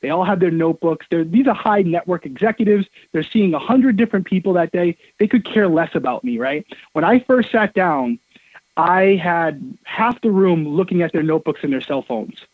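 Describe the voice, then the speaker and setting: A man's voice: high voice, moderate pace, no room sound. A man in his thirties, a guest on an interview show, talking emphatically and telling stories, heard over a dry phone line. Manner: emphatic, repeats words, lively storyteller. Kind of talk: casual interview talk, storytelling.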